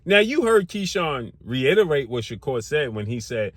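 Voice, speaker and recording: A man's voice: medium pitch, sing-song, moderate pace, dry recording. A man hosting a sports channel, firing off rhetorical questions in a heated, slangy boxing commentary rant. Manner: slangy casual speech.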